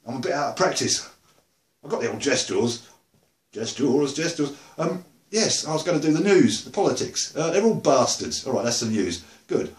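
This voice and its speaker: A man's voice: mid-range voice, animated, a little fast. An English man chatting casually to camera about beer and music, rambling with dry humor. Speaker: video blogger. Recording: roomy echo.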